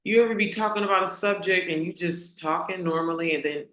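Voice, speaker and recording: A woman hosting a casual motivational talk for her online community, asking rhetorical questions and repeating key lines slowly for emphasis. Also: fairly low pitch, fairly bright tone, roomy sound. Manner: conversational, asks the audience rhetorical questions. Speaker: host.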